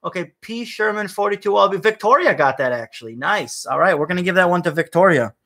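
Man, high-pitched voice, casual livestream host, rambling chatty delivery, trivia show. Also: animated, fast talker, creaky, a bit bright. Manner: chatty, reads chat names aloud, rambles into opinions.

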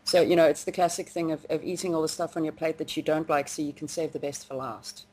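Lower-voiced New woman, chatty. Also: little pitch movement, fast talker, a little mellow, slightly rough. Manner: chatty, laughs often, frequent ums and restarts. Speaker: podcast co-host. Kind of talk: casual science chat.

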